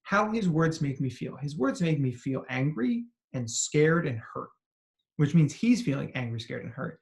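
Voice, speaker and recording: A man with a slightly higher voice gives an animated talk to parents and educators. He explains like a psychologist, tells stories and asks the listeners questions. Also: normal speed, gravelly. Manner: animated storytelling with acted quotes and asides. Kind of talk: expressive talk to an audience.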